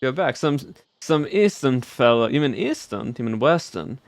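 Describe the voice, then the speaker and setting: A man's voice: medium pitch, lively intonation, normal speed, vocal fry, no room sound. A game streamer chatting casually with viewers in a put-on Southern US drawl, easygoing as he plays. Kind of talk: casual live-stream chat while playing.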